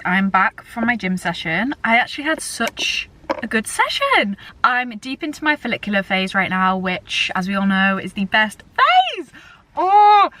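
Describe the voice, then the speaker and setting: A young woman in her twenties chatting casually while driving, excitable and swearing often. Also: on the high side. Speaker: vlogger. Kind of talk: casual chat. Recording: loud road noise from the car.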